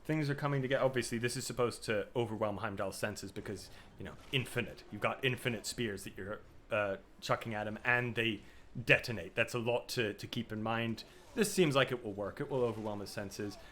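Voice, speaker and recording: A man's voice: on the low side, fairly even intonation, a little fast, fairly bright tone. Guy gushing about a game on a podcast, rambly, lots of ums, bit of hiss behind. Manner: enthusiastic, rambling, lots of fillers. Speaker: podcast co-host. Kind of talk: casual game discussion.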